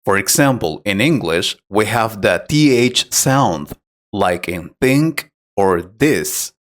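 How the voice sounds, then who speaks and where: A man acting as an English teacher who explains pronunciation tips patiently and clearly in a scripted conversation lesson. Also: fairly low pitch, expressive, slow pace.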